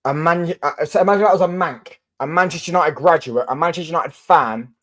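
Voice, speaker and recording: Rambling Mancunian young man, slightly high. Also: fairly quick, a bit bright. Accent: Mancunian English. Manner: rambling, swears, restarts often. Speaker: football channel host. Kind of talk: casual solo reaction commentary.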